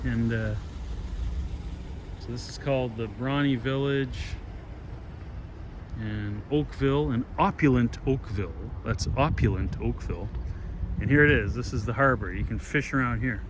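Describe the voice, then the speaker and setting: A man's voice: medium pitch, a little slow, long pauses. Easygoing man narrating outdoors. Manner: rambling, easygoing, chatty asides. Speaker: travel and fishing vlogger. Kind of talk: casual walking-tour narration. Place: outdoors by a lakeside harbor. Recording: outdoor background noise.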